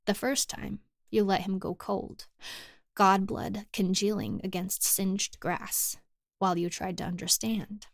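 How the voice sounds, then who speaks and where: A woman narrating a short story for a podcast in a measured, even storytelling manner. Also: mid-range voice, creaky, dry recording, clean studio sound. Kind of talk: scripted fiction narration.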